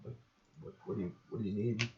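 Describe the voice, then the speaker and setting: A man voicing a weary, hesitant male gnome prisoner in a tabletop game, speaking haltingly. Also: lowish voice, fairly even intonation, a little hiss or hum, lightly acted. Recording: dull lo-fi audio.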